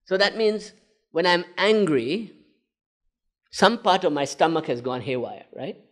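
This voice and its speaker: Taking questions during a lively talk, this male spiritual teacher laughs and voices the inner dialogue he describes. He speaks in a high register at an unhurried pace.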